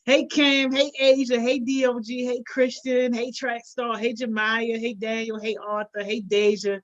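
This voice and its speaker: A woman's voice: fairly high pitch, little pitch movement, unhurried, muffled recording. A woman hosting a live stream, upbeat and casual, greeting viewers one by one. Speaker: host.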